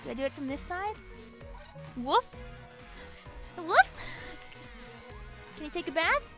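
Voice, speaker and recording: A young woman streaming a video game, chatting excitably, giggling and shrieking at the screen. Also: extremely high pitch, very fast, faint music behind. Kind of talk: gameplay commentary.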